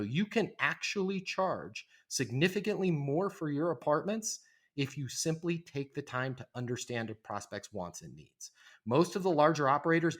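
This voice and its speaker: A middle-aged man talks with a forceful, emphatic drive on a podcast interview. He coaches like a trainer, slipping into quick quoted voices to act out phone calls. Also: a little high. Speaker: leasing trainer, podcast guest. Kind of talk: energetic podcast interview talk.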